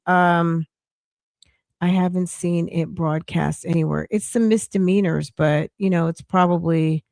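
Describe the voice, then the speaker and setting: A woman's voice: on the low side, no room sound. A middle-aged woman hosting a casual livestream, reading news aloud, reacting bluntly and greeting viewers by name with pet names. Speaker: livestream host.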